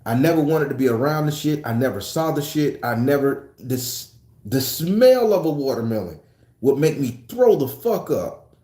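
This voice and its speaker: A man in his forties telling a profane, comic personal story, acting out voices and breaking into shouts. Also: mid-range voice, moderate pace, reverberant. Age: 40s. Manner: animated, profane, acts out voices with bursts of shouting.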